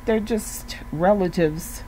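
A devotional speaker gives a casual, earnest talk, chatting conversationally, posing rhetorical questions, and often saying "you know." Her voice is fairly low, slow, and dark in tone, captured in a rough recording.

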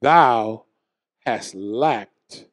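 A pastor with a mid-range voice preaches very slowly in a church sanctuary, shouting and calling on the congregation to answer back. The recording is dry, clean studio sound.

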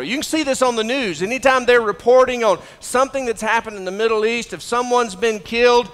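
A man's voice: high-pitched, a bit bright, big-room sound. A man preaching a sermon, reading scripture aloud and joking with the congregation in a folksy way. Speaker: pastor. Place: church sanctuary.

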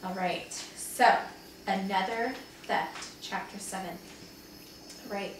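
A second-grade teacher, a woman, reading a chapter book aloud to her pupils as an expressive storyteller. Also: medium pitch, slow, slight background noise. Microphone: camera held by a small child. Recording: echoey room, voice from far off the mic.

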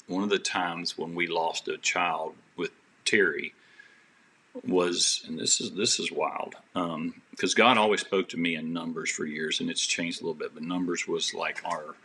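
A man's voice: low voice, vocal fry, sharp tone, a little hiss or hum. A man who is a podcast guest, telling a personal story with faith at its heart in an earnest, rambling way, with many restarts.

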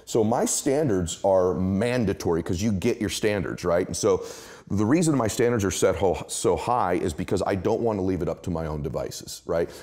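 As an interview guest, a low-pitched middle-aged man shares motivational stories. His delivery is emphatic and animated.

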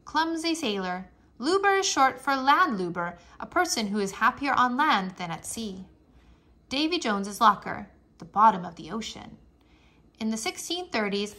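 Woman reading a kids' book out loud, kinda high voice, super bouncy and expressive. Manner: expressive storybook reading with playful exclamations. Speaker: reader. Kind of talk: reading a children's nonfiction book aloud.

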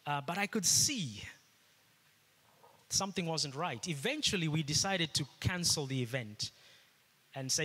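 A middle-aged male pastor preaches earnestly, repeating his phrases to drive each point home. His voice sits a little high and rings bright. The hall around him carries a long echo. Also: normal speed. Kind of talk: sermon. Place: church hall. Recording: echoey hall.

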